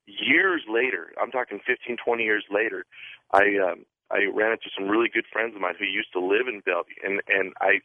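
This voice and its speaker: A man from the Pacific Northwest calling into a radio show, telling a story in a halting way, restarting and repeating words. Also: fairly low pitch, no echo. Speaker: caller. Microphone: telephone. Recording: narrow phone line.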